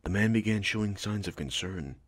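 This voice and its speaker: Brief: male narrator, low voice, steady storytelling. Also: a little fast. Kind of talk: scripted audiobook narration.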